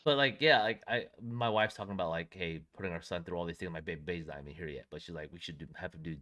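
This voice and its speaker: A young man co-hosting a podcast, chatting casually and breaking into playful loud banter. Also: sits low, fast. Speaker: podcast co-host. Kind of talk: casual chat.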